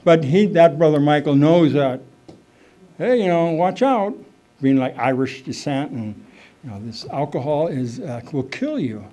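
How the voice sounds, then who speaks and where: A middle-aged man giving a rambling, animated personal testimony at a recovery meeting, full of fillers and asides. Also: fairly high pitch, a little slow. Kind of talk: personal testimony, casual storytelling.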